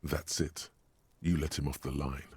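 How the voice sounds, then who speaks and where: Super deep husky game narrator in your head, grim and pushy. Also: male voice, flat delivery, unhurried, heavily acted. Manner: grim, urgent second-person coaching. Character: gravelly inner-voice narrator of a detective game. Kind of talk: game voice acting.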